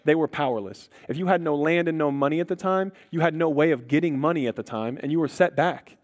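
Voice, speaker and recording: A man's voice: fairly high pitch, fast. A man preaching a sermon as a pastor, earnest, drops his voice on key words and teases the congregation now and then.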